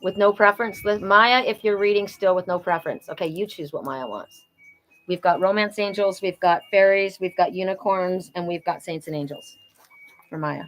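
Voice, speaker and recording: A woman hosting a live spiritual card reading, talking in a chatty, animated way with frequent exclamations. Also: on the low side, normal speed, soft background music, low-quality recording. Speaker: oracle card reader and host.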